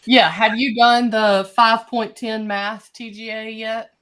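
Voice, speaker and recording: A young woman teacher, talking her class through steps on a video call in a relaxed, chatty way. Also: a little high. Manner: relaxed, chatty, with slow stretched prompts. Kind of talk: online class instructions. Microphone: computer mic on a video call.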